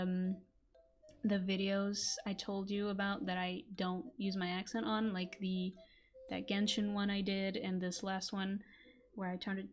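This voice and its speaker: A young woman from Portugal, chatting casually on a stream, laughing often and trailing off into restarts. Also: mid-range voice. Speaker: voice actor streamer.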